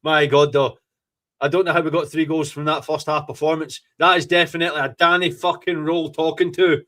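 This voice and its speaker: A Scottish man hosting a fan podcast, reacting live to a football match in an excitable, gloating way and swearing freely. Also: fairly high pitch, brisk.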